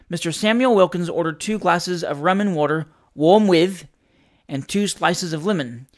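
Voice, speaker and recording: A man reading a classic novel aloud as narrator, with expressive storytelling and lively shifts in pitch. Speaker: audiobook narrator.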